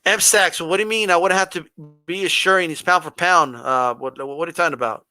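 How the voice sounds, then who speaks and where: Reading live chat on his boxing stream, the host answers in a combative, confrontational style, mocking a flat monotone and asking pointed rhetorical questions. His voice is a little high and a little fast, recorded dry.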